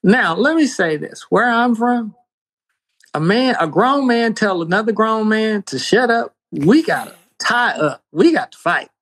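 A man's voice: animated, a little slow, a bit bright. Emphatic man telling a faith testimony. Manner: emphatic storyteller with big pitch swings. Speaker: guest sharing testimony.

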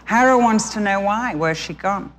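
A woman Bible teacher giving a sermon as an expressive children's story. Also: medium pitch, moderate pace, a little hiss or hum.

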